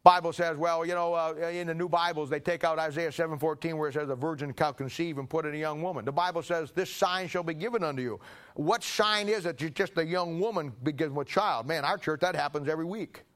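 An older man preaching a sermon, telling folksy stories and clearing his throat often. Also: on the high side, fairly quick, fairly bright tone. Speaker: pastor. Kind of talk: sermon with personal anecdotes.

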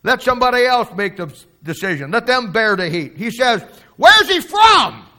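A man's voice: high-pitched, lively intonation, brisk, bright, forceful tone. An older man preaching a sermon, telling stories in a fervent, folksy way.

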